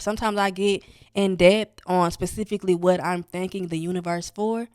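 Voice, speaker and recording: A woman's voice: on the low side, fairly even intonation, moderate pace, darkish tone, clear, resonant tone, dry recording. Earnest woman on a dry podcast mic. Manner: reflective, earnest, speaks in spiritual terms. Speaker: podcast co-host. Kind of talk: casual chat.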